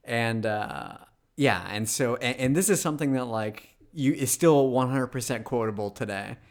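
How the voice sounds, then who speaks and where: Rambling man hosting a casual chat. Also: medium pitch. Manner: rambling, halting with fillers. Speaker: podcast host.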